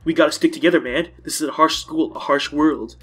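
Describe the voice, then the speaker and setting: A man's voice: a little high, fairly even intonation, fairly quick, a bit bright, slightly rough, soft background music. A man reading aloud a paranoid, conspiratorial teenage schoolboy who speaks curtly and suspiciously. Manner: curt, suspicious, blunt. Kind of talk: reading game dialogue aloud.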